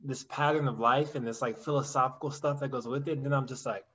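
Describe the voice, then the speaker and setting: Man telling animated fishing stories. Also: medium pitch, quick pace, lo-fi sound, crowd noise. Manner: animated storytelling, acts out quoted voices, swears. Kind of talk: casual chat.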